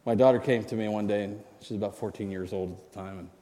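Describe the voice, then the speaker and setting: A man in his sixties preaches in a mellow, low-pitched voice and tells a personal story as if chatting with his listeners. He keeps checking in with the congregation for an amen. His voice rings out with a long reverb, as in a church sanctuary. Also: fairly even intonation, quick pace. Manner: conversational, asks the congregation for amens. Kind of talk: sermon storytelling.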